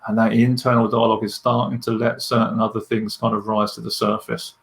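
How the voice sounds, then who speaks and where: A man, talking as a leadership coach in a podcast interview. He is candid and animated as he tells stories. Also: lowish voice, brisk, gravelly.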